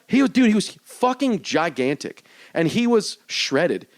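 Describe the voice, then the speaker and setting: A man hosting a podcast, telling a story in casual chat, animated and acting out the people in it, swearing freely. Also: high voice, unhurried, no room sound. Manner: animated, acts out voices in anecdotes, swears freely. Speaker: podcast host.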